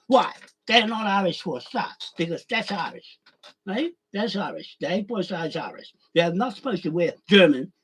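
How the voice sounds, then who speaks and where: A man's voice: high-pitched, fairly bright tone, husky. A man in a rambling, angry monologue, swearing and calling out listeners directly. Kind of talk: ranting monologue.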